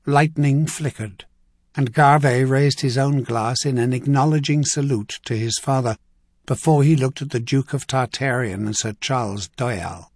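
A man reading a fantasy audiobook as narrator, in steady scripted narration. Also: mid-range voice, unhurried, no room sound, clean studio sound.

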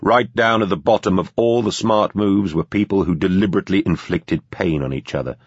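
A man reading a novel aloud in steady scripted narration. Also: low-pitched, a little fast, breathy edge, dry recording, highs cut off. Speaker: audiobook narrator.

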